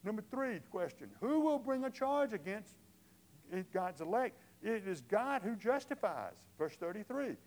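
An older male pastor preaching a sermon in a conversational way, moving from quiet asides to emphatic questions. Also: sits high, big pitch swings, measured pace, poor audio.

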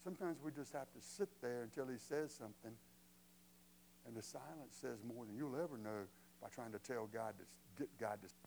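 A man's voice: medium pitch, brisk, gravelly, darkish tone, a little hiss or hum, rough recording. A man preaching a sermon as pastor, conversational and emphatic, asking the congregation rhetorical questions.

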